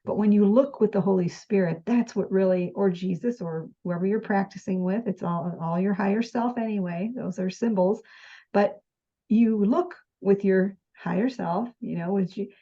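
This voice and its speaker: A woman's voice: medium pitch, moderate pace, warm tone. A woman and spiritual teacher talking earnestly about her practice, sometimes acting out her own thoughts. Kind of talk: spiritual conversation. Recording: dull lo-fi sound.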